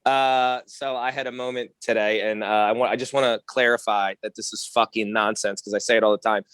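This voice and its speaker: A man's voice: on the low side, steady tone, a bit bright, clear, resonant tone, dry recording. A man co-hosting a podcast, telling self-mocking stories full of swearing. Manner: rapid, profane, self-mocking anecdotes. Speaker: podcast co-host. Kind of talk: casual storytelling.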